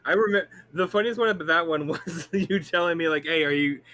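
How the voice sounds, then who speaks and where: A man chatting casually with a friend on a stream, telling stories in a dry, deadpan way. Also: sits high, quick pace. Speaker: streamer co-host.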